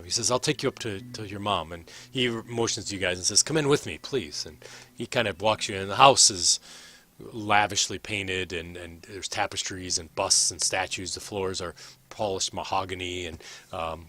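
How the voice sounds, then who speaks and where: A man narrating a tabletop game as game master, rambling with many pauses and fillers. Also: low voice, pushed and bright.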